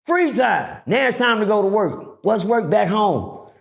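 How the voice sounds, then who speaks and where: A middle-aged man telling a story casually, profane and animated, acting out the dialogue. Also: sits high, a little slow, gravelly. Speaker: guest storyteller.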